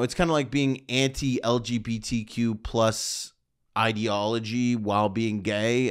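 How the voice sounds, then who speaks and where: A man's voice: fairly low pitch, a bit bright, clean tone. A man from Canada, a stand-up comedian ranting sardonically on his own show with rambling, provocative asides. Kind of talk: comedic rant.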